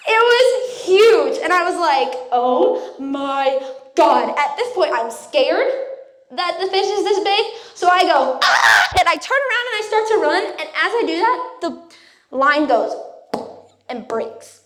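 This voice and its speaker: A woman's voice: very high-pitched, animated, a little slow. A young woman giving a youth sermon, telling a personal story in a casual way and acting out what people said. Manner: casual storytelling, acts out quotes. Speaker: youth speaker. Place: church youth room. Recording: echoey room.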